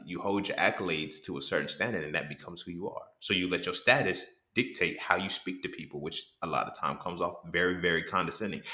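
A man in his thirties talking in a casual monologue for his podcast. He swears freely, uses a lot of slang and jumps into animated quoted exchanges. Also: low-pitched. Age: 30s. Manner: slang-heavy, keeps asking "you feel what I'm saying". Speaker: podcast host.

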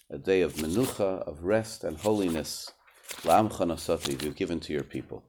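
A man giving a measured lesson on a prayer text, translating phrase by phrase and often repeating himself. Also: sits low, darkish tone. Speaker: Torah teacher.

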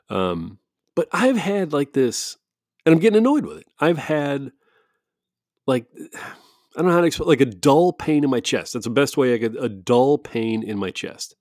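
A man's voice: mid-range voice, darkish tone, dry recording, clean studio sound. A man from the United States in a casual rambling monologue at home, talking into a microphone with restarts, chuckles and mock-quoted asides. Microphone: studio-style microphone.

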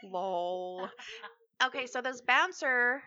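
A woman co-hosting a podcast, telling a family story in casual chat, animated and swearing freely as she acts out quotes. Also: on the high side, slow, muffled recording. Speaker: podcast co-host.

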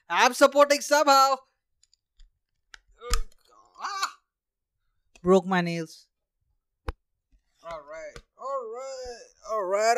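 A man's voice: high-pitched, fairly bright tone, smooth, dry recording, studio quality. A young man from India hosting a solo podcast at home, rambling sarcastically with swearing and laughs while drinking. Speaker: podcast host. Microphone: handheld mic.

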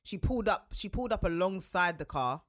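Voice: medium pitch, a little fast, no echo, clean studio sound. A podcast co-host, teasing and laughing through casual banter. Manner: laughs often, teasing, lively.

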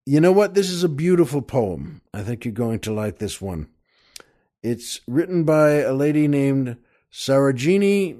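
A man's voice: medium pitch, dark tone. A man hosting a talk show, telling a joke in a folksy, rambling way and chuckling often. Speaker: host.

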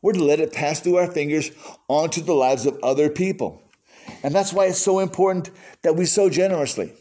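A man preaching a sermon as pastor, folksy and animated, with conversational asides. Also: on the high side, brisk.

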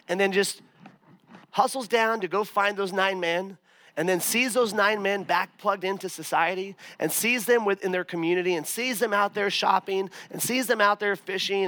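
A man's voice: high-pitched, normal speed, sharp tone, no echo. A man, a pastor, preaching a sermon in a conversational, self-mocking way. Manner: conversational, self-mocking, many fillers and restarts.

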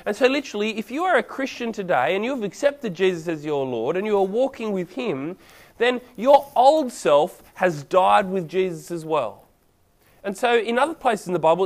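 A man delivering a sermon in a relaxed, story-driven way. His voice sits high for a man. He keeps it conversational and lively. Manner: casual, animated storytelling. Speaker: preacher.

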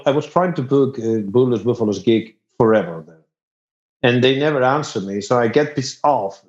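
A man from Spain with a thick Spanish accent, a musician chatting casually, halting and repeating words, laughing often. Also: mid-range voice, a little mellow. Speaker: musician guest. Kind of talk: casual podcast chat. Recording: roomy, dull lo-fi recording.

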